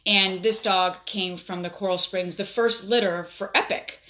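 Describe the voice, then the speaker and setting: This livestream host, a woman from South Florida, speaks in a medium pitch with fairly even intonation, taking her time and sounding sharp. She's chatting casually on her phone at home, telling an emotional story packed with fillers.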